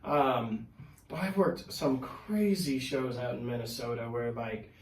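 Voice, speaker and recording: A man guesting on a podcast, telling his stories in casual chat, animated and full of fillers, swearing freely. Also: mid-range voice, unhurried, slight background noise. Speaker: podcast guest, pro wrestler. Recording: echoey room, mic at a distance.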